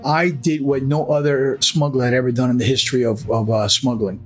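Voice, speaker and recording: A man's voice: mid-range voice, fairly even intonation, a little fast, soft background music. An older man, a former smuggler, recounting his past in an interview, acting out quotes and laughing as he talks. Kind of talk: storytelling interview.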